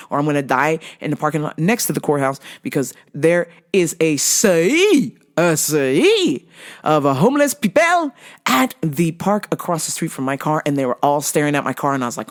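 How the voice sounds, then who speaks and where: A woman's voice: low voice, animated, moderate pace. A woman hosting a podcast, telling a comic story in a casual, profane way, acting out her own reactions and laughing often. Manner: laughs often between lines. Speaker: podcast host.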